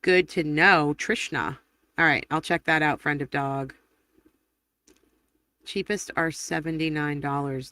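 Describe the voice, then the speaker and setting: A chatty woman hosts a live stream, reading viewer comments aloud in a rambling way. Her voice is bright and forceful. The sound is dry and close, with no room echo. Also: sits low. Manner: chatty and rambling, quick laughs and self-corrections. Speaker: livestream host.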